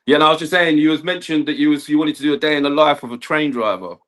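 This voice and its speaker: A man's voice: a little high, quick pace, fairly bright tone. Chatty man laughing easily. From Kent, England. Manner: chatty, laughs often, says "do you know what I mean". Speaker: guest electrician. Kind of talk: casual livestream chat.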